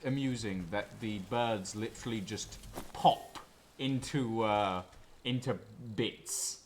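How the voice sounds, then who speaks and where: A man's voice: on the low side, takes it slowly, slight background noise. A man streaming a game, chatting casually with chuckling, self-mocking asides. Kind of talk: casual gameplay chat. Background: game music.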